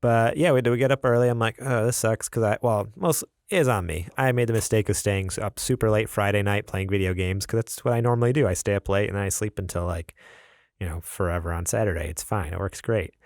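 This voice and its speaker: A man's voice: on the low side, a little fast, darkish tone, dry recording, clean studio sound. A young man co-hosting a podcast, telling a story in casual chat, rambling and laughing often. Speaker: podcast co-host.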